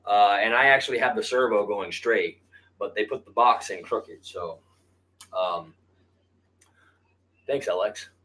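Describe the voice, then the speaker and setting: A man's voice: on the low side, moderate pace, bright, forceful tone, poor audio. Blunt, foul-mouthed man at the workbench. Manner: blunt, heavy swearing, addresses viewers as "you guys". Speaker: RC hobby channel host. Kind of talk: casual profane workshop talk to camera.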